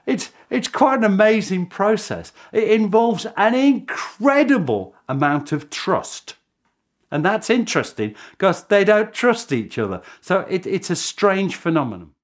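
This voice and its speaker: A man, a historian, telling the story in an interview in an animated way, often chuckling and restarting his sentences. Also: high voice, a little slow. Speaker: historian guest.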